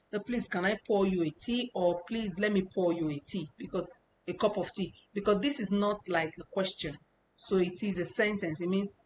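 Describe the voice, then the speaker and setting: Woman, informal teacher, walks students through each point and goes over it again, medium pitch. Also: slight background noise, rough recording. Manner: explanatory, repeats points, talks them through step by step. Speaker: language teacher. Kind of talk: informal online lesson.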